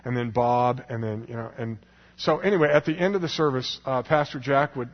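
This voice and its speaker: A man's voice: medium pitch, brisk. A man telling a personal story to an audience in a chatty way, laughing often and acting out the people in it. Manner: chatty, laughs often, restarts, acts out quoted voices. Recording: long hall reverb, dull lo-fi sound.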